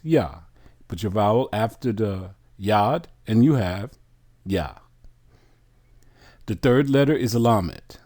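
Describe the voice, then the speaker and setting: A man teaching from scripture, reading word definitions aloud in a deliberate, drawn-out way and addressing listeners as brothers and sisters. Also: medium pitch, mellow. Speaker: bible teacher. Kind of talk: slow scripture study teaching.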